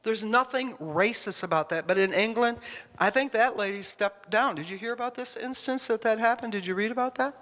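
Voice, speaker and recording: A woman preaches in a church hall, her fairly bright, somewhat high voice moving a little fast. The sermon is conversational, emphatic and wandering, and she keeps posing questions to the congregation. The recording has the hall's long reverb.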